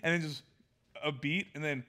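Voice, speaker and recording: A man chatting casually with friends, his voice bright and sitting a little high. He tells childhood stories in an animated way and laughs often as he goes. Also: normal speed. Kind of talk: casual chat.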